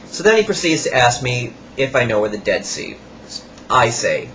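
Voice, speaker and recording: A man's voice: medium pitch, wildly swooping pitch, moderate pace, fairly bright tone, a little hiss or hum. A man hosting a podcast, telling a story in a wry, sarcastic way. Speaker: podcast host. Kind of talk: storytelling monologue.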